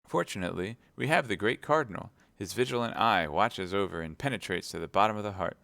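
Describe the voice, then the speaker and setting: A man's voice: fairly low pitch, expressive, fast talker, gravelly, fairly bright tone, no echo, clean studio sound. A man reading aloud, playing a cowardly, greedy fifty-year-old merchant who talks pompously.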